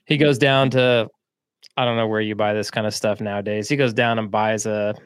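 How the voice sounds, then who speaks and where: A man co-hosting a podcast, telling a story in a relaxed, chatty way, with frequent laughs and fillers. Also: fairly low pitch, clean tone, no echo, studio quality. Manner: laid-back, laughs often, quick bursts with lots of fillers. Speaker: podcast co-host. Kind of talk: casual storytelling chat.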